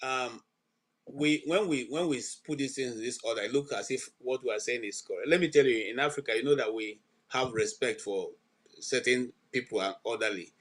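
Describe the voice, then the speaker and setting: A man's voice: medium pitch, fairly quick, poor audio. Man moderating a heated debate. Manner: calming, interjects to steer. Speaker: host.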